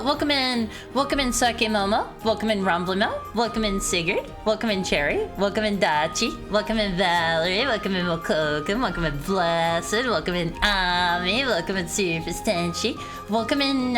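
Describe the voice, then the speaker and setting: A woman streaming casually, chatting with her audience in a playful, rambling way full of stammered restarts. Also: mid-range voice. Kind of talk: casual live-stream chat.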